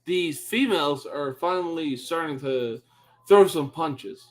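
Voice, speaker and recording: A man commentating a fight on a live stream, swearing and yelling at the fighters in exasperation. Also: fairly high pitch, measured pace.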